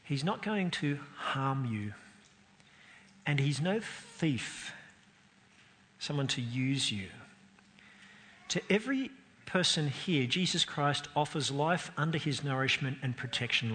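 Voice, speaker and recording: A man's voice: mid-range voice, a bit bright. A man preaching a sermon, earnest and emphatic, his voice climbing and dropping to stress points. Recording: long hall reverb.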